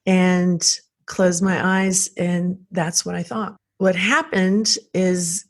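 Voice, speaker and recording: A woman's voice: fairly low pitch, steady tone, slow. A woman from South Texas, an interview guest, telling a personal story in an earnest, emotional and reflective way.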